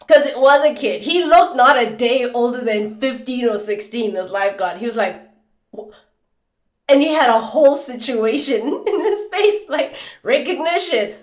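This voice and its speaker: Animated, high-voiced woman in her thirties. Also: normal speed. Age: 30s. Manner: animated, laughing, dramatic retelling. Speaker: beauty vlogger. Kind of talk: casual chatty storytelling. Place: indoors at home. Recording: roomy echo.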